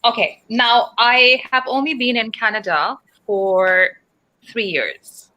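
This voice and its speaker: In an online group speaking lesson, a woman from Dubai teaches English, patiently explaining words, spelling them out and quizzing her students with encouragement. Her voice is fairly high and her tone sharp, and she speaks slowly. The audio sounds dull.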